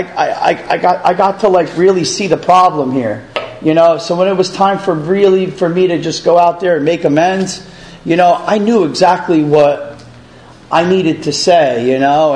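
A man's voice: on the high side, a little mellow, poor audio. A man telling his own recovery story, rambling with many filler phrases and restarts. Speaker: recovery program member sharing his story. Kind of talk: personal testimony.

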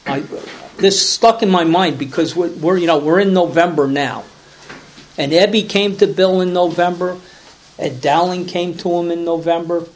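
A man's voice: fairly high pitch, steady tone, normal speed. A man telling a story at a recovery meeting in casual, rambling talk, repeating words and acting out voices as he goes.

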